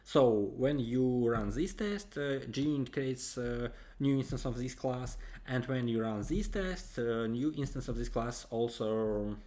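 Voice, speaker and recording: Slow, halting man explaining code. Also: medium pitch, mellow. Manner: halting, frequent hesitations while typing code. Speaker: coding tutorial host. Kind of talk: screen-recorded coding tutorial. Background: keyboard typing and clicks.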